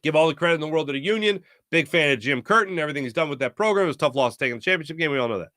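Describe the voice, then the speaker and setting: A man's voice: on the high side, expressive, racing, pushed and bright, no room sound, clean studio sound. An American man hosting a sports talk show, rambling and opinionated, with many fillers. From United States. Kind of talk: casual sports talk monologue.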